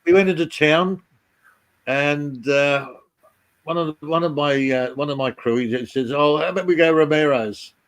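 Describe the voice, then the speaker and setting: A man in casual chat telling army stories in a halting way, with many restarts. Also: a little high, fairly bright tone. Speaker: chat participant.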